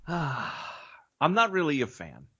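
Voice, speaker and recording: A man's voice: a little high, wildly swooping pitch, extremely slow, sharp tone, breathy edge, dull audio. A man co-hosting a film podcast in a casual, blunt and opinionated way, with frequent sighs. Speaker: podcast co-host.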